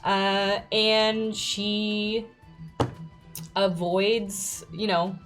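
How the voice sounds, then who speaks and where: A woman's voice: medium pitch, little pitch movement, extremely slow, fairly bright tone, faint music behind. A tabletop player, a woman who describes her character in a chatty, teasing way.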